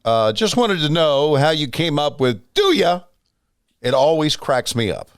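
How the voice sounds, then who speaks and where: A man's voice: fairly high pitch, huge pitch swings, measured pace, clean tone, dry recording, clean studio sound. A man hosting a podcast, reading a listener question and agreeing with his guest in short casual replies. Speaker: podcast host. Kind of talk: casual interview chat.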